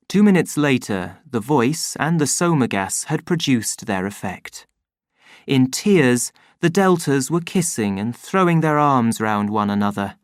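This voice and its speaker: A man reading an audiobook as narrator, slow and expressive. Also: medium pitch, dry recording, studio quality.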